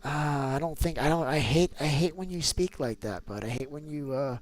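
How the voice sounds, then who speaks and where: A man hosting a casual gameplay video, animated and teasing, who keeps calling his child "bud" and breaks into loud bursts of excitement. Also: fairly high pitch, moderate pace. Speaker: gaming channel host and father.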